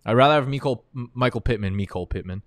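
A man hosting a live fantasy football mock draft, talking fast and excitably and breaking into frustrated, profane rants. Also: mid-range voice, no room sound. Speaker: fantasy football analyst host.

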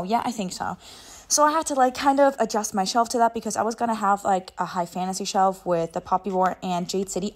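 A woman's voice: medium pitch, roomy sound. A young woman chatting casually as a book vlogger, bubbly and chatty with dramatic exclamations, recorded in her bedroom. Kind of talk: casual vlog chat.

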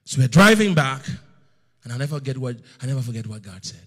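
A middle-aged male preacher telling a story in a sermon, swinging between loud slow outbursts and hushed near-whispers. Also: mid-range voice, big pitch swings. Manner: storytelling, acts out God's voice in loud slow bursts.

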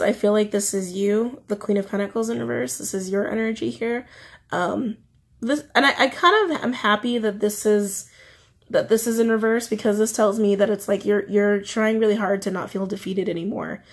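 A woman giving a casual tarot reading, chatty, often repeating her phrases. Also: mid-range voice. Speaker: tarot reader.

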